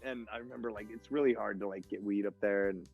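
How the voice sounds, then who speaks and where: A man's voice: on the low side, steady tone, fast talker, vocal fry, husky, phone-quality sound, faint music behind. A man, a guest DJ, telling stories in a rambling, casual way, filling his speech with "like". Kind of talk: casual storytelling.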